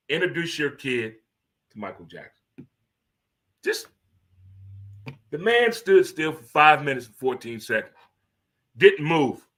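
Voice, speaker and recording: A man, hosting a casual talk show in an animated, swearing, preacher-like monologue. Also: on the high side. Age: 50s. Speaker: host. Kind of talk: casual radio-style monologue.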